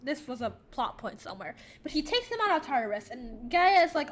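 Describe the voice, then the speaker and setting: A woman's voice: high-pitched, sing-song, fairly quick, hardly any pauses. A woman rambling through a storytime while drawing, often sidetracked and correcting herself. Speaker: storyteller and artist.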